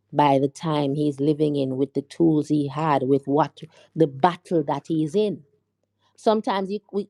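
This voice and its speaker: A woman with a low, mellow voice leads a panel discussion. She speaks emphatically, building rhetorical questions. The sound is close and dry. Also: no room sound. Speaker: discussion moderator.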